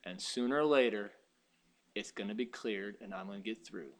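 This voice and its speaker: A man preaching a sermon, telling stories and swinging from quiet asides to loud, high exclamations. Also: normal speed. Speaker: pastor.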